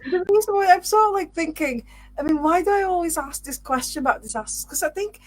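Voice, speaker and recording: A woman's voice: very high-pitched, expressive, fast. A woman hosting a podcast who asks her guest questions in a rambling way, often searching for words. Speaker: podcast host. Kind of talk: casual interview chat.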